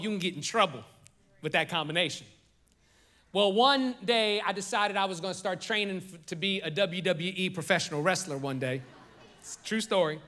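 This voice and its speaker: A man in his forties preaches to his congregation in a bright, forceful voice. His delivery is animated and full of stories and jokes. He speaks a little higher than most men. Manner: animated storytelling, joking with the congregation. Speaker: pastor. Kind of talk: sermon. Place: church sanctuary.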